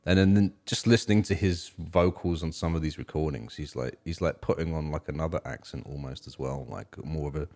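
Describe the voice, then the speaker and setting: A man with a very low voice co-hosts a casual music podcast. He wanders through his thoughts with fillers and restarts, chatting easily with his co-host. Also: brisk, few pauses, darkish tone. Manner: rambling, many fillers and restarts.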